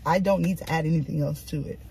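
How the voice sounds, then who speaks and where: A woman chatting casually to her camera from inside a car, animated and swearing freely as she talks to herself. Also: sits low, fast, vocal fry. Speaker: vlogger. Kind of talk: casual car vlog chat. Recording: car noise behind the voice. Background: vehicle ambience.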